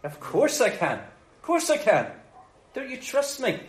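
Guy doing jesus, calm and chill, low quiet voice, echoey room. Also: a little slow, exaggerated voice. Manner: calm, low-key, matter-of-fact. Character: calm unfazed male Jesus, gently teaching.

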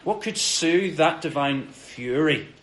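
A man's voice: fairly high pitch, expressive, takes it slowly, fairly bright tone, low-quality recording. A man preaching a sermon in an earnest, conversational way, acting out quoted lines with animation.

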